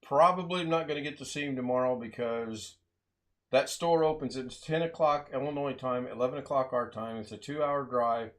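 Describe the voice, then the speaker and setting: A man's voice: medium pitch, moderate pace. Chatty, laughing streamer man. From United States. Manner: chatty, laughs often, rambling asides. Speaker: live stream host. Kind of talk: casual live stream chat.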